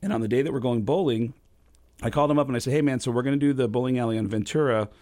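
Comedian guest, male, animated storyteller, dry close sound. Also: rapid-fire, no room sound. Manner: animated, jumps into high excited voices when quoting people. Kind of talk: casual storytelling.

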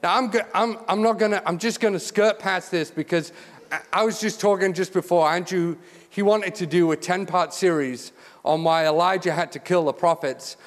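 A man giving a lively, joking sermon in a church, talking conversationally with lots of restarts and asides. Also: high-pitched, normal speed. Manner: conversational, joking, many restarts and "you know". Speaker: guest preacher. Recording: long church hall reverb.

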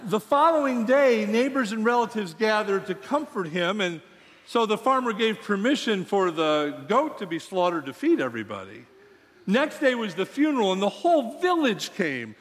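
A pastor preaching and telling a story to his congregation, with measured delivery and dramatic pauses. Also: high voice, big pitch swings, husky. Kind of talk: sermon with storytelling. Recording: long hall reverb.

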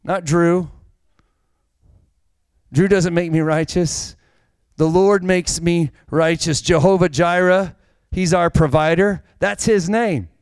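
A male pastor preaches in an easy, conversational way and often turns to the congregation with questions. His voice is smooth and clear and sits a bit high. The sound is dry, with no room echo. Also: steady tone, takes it slowly, long pauses. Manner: conversational, direct address to congregation. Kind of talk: sermon.

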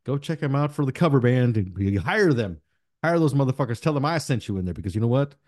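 A man hosting a podcast in casual chat, rambling through profane shout-outs. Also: medium pitch, expressive, fast, no room sound, clean studio sound. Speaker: podcast host.

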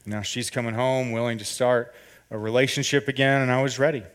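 A man telling a personal story in a sermon, animated and acting out the dialogue. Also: mid-range voice, fairly quick.

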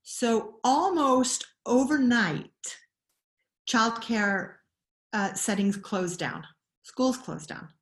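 Woman in a roomy echo. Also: fairly high pitch. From Scotland. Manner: thoughtful, many restarts and pauses. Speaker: guest expert on child attachment. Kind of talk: conversational interview explanation.

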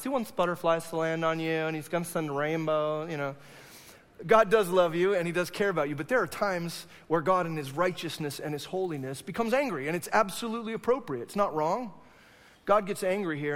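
A male pastor preaching a sermon to his congregation, animated and acting out quoted voices. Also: high-pitched. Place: church sanctuary. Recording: long hall reverb.

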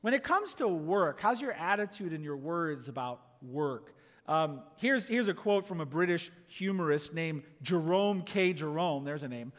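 Animated male pastor preaching in a hall. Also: a little high, unhurried. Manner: animated preaching, rhetorical questions, drops soft for quoted asides. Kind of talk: sermon. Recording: long echo of a large hall.

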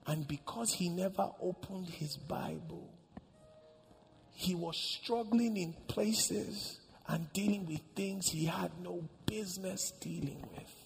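A man preaching a sermon as pastor, swinging from loud cries to hushed whispers. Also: sits high, takes it slowly, gravelly, long reverb tail, soft background music.

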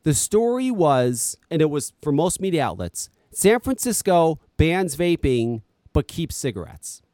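A man's voice: a little high, very animated, a little slow, dark tone, no echo. A man ranting on a podcast, exasperated and profane, talking close to the mic. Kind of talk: heated podcast commentary.

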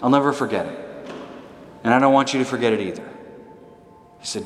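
A man's voice: medium pitch, a little fast, pauses often. A man, a priest, preaching a sermon in an emphatic way, repeating short exhortations. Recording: echoey hall reverb.

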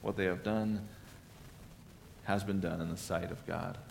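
Male pastor, low voice, earnest Christmas sermon, faint rumble behind. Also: fairly even intonation, a little slow, vocal fry. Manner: earnest, builds up then drops to soft emphasis.

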